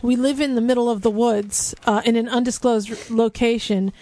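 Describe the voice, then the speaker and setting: A woman's voice: fairly high pitch, fairly even intonation, fairly quick, dark tone, no room sound. A woman co-hosting a movie review podcast in casual, teasing chat. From United States. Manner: playful, teasing, laughs often. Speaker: podcast co-host.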